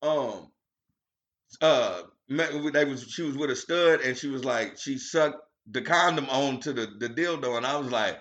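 A man co-hosting a casual podcast, telling profane stories in an animated way with frequent laughter, on dull lo-fi audio. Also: mid-range voice, measured pace. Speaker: podcast co-host. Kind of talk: casual comedic chat.

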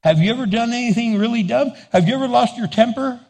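A man's voice: very high-pitched, quick pace, creaky, darkish tone. A male pastor preaching a sermon, calling out questions to the congregation. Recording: long church reverb.

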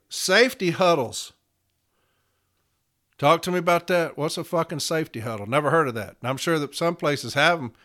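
Guy ranting about union stuff, bright tense voice, kinda high, swears a lot, blunt. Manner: blunt, combative, swears freely. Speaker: union steward podcast host. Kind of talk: casual profane monologue.

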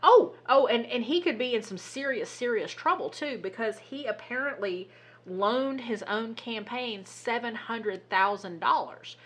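A woman co-hosting a casual podcast, telling a story in an animated, exasperated way and swearing now and then. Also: a little high, measured pace, slightly rough. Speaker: podcast co-host. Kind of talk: casual chat.

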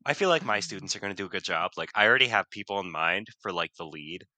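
A man who teaches vocal music talks through a story in a loose, rambling way, full of fillers and quick laughs. His voice sits a little low but sounds very bright and forward. The recording is dry and close, with no room sound. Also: animated, dry recording. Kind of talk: casual podcast chat.

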